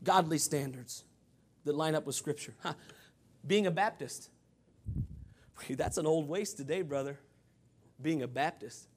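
A man preaching a Baptist sermon, dropping into low asides and then rising to shouted peaks. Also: measured pace, long pauses, breathy edge. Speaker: pastor.

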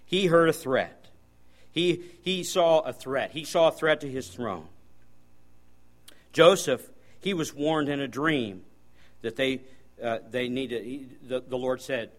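A man preaching as a guest preacher, folksy storytelling with sudden loud bursts. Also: mid-range voice, takes it slowly. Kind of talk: sermon.

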